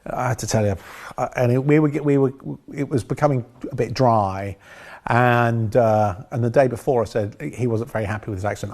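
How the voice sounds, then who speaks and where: A man's voice: medium pitch, a little mellow. A man, a film director, telling rambling anecdotes in an interview with dry humor.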